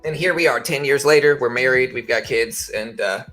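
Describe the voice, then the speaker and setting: A man's voice: medium pitch, normal speed, bright, forceful tone, faint music behind. A man in his thirties from Louisiana with a faint Louisiana accent, hosting a trading livestream and chatting in a rambling, laid-back way. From Baton Rouge, Louisiana. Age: 30s. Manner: rambling, laid-back, says "bro" and "you know". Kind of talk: casual livestream chat. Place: home office.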